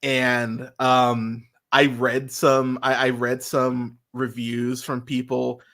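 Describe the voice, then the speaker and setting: A man talking on a podcast with a bright, forceful tone. He speaks casually and with animation, swears freely, and his voice leaps upward when something riles him. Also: medium pitch, monotone, slow pace. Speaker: podcast co-host reviewing a TV series.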